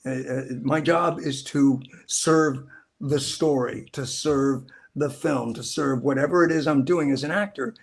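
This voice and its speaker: A middle-aged actor telling stories in a casual interview, rambling and acting out quoted lines in different voices. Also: male voice, medium pitch, a little slow, gravelly. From Southern California. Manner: rambling, animated, acts out quotes. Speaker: actor guest.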